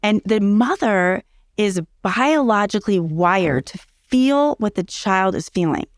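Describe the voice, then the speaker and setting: A woman's voice: medium pitch, lively intonation, a little slow, no echo. A middle-aged woman explaining parenting in a casual interview, earnest and teacherly, repeating key phrases for emphasis. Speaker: early childhood educator and parenting guest.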